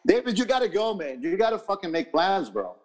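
A New Yorker co-hosting a podcast in the studio swears casually and wanders off track, restarting often and leaning on fillers. His high voice has a sing-song lilt and a brisk pace.

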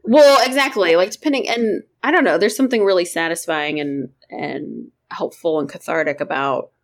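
A woman's voice: on the low side, moderate pace. Chatty woman, casual podcast talk. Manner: chatty, swears freely, many fillers and laughs. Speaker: podcast co-host. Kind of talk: casual chat.

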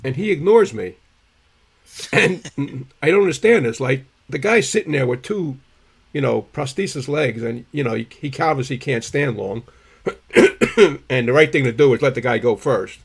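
A man, co-hosting a podcast, tells rambling stories in a husky voice and keeps clearing his irritated throat. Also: medium pitch, expressive, moderate pace. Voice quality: gravelly, husky. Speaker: podcast co-host. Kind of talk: casual storytelling chat.

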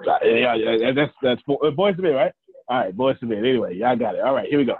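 Husky Southern man coaching over a call. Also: mid-range voice, fast, no echo. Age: 40s. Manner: folksy, repeats phrases, counts down, teases listeners. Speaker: coach hosting a group call. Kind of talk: animated motivational coaching. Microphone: video call. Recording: phone-like lo-fi call audio.

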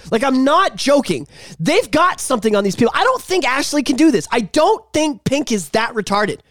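A man's voice: very high voice, big pitch swings, moderate pace, fairly bright tone, no room sound, clean studio sound. A man hosting a podcast, ranting in a heated, profane way in casual chat. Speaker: podcast host.

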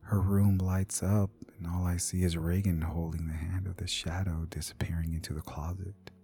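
A male narrator tells a scripted horror story in a low, gravelly, mellow voice. He often drops to a hushed near-whisper, with faint music underneath. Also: little pitch movement, moderate pace. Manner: hushed, half-whispered delivery.

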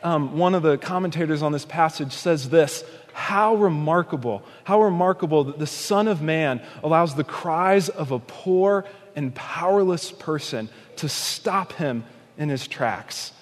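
A man preaching a sermon, dramatically acting out shouted cries and slowing to a hush on key points. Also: a little high, lively intonation, in a large hall. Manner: slows and softens on key points. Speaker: pastor.

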